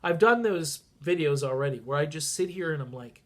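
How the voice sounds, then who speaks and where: A man's voice: on the high side, animated, normal speed, hardly any pauses. A man with a congested, stuffy voice, talking casually and sarcastically on a political vlog, swinging from mutters to sudden outbursts. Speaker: political vlogger.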